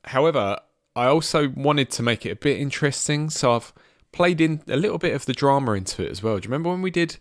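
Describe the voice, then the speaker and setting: A man's voice: medium pitch, expressive, fast talker, few pauses, dry recording, studio quality. A man co-hosting a podcast, laughing often and directing his co-hosts through a silly game. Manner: giggly, bossy, sets up games. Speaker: podcast co-host. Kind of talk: casual comedy chat.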